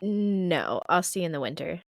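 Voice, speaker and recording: A woman's voice: lowish voice, lively intonation, moderate pace, no echo, clean studio sound. A woman co-hosting a podcast in casual chat, reacting playfully and laughing often. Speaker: podcast co-host.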